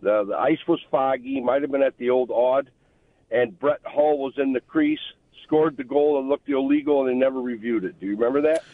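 A man's voice: medium pitch, a little fast. A man calling in to a talk radio show, rambling and reminiscing with many fillers. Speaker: caller. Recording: tinny phone line.

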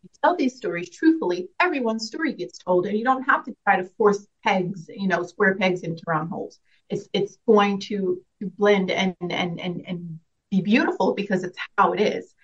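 A woman's voice: mid-range voice, normal speed, slightly rough, dull audio. A young adult woman, an actress guest, talking casually and earnestly in an interview, reflective, with frequent restarts and laughs.

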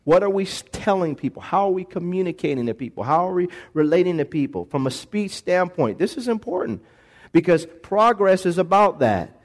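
Using call-and-response, a pastor delivers a sermon in the church sanctuary, alternating soft, slow lines with shouted bursts. His voice is high-pitched with lively intonation, picked up by a handheld or stand microphone.

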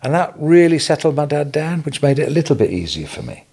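Husky older man telling lively stories. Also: on the high side, quick pace. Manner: animated anecdotal storytelling, chuckling. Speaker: podcast guest, retail businessman. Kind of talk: storytelling interview.

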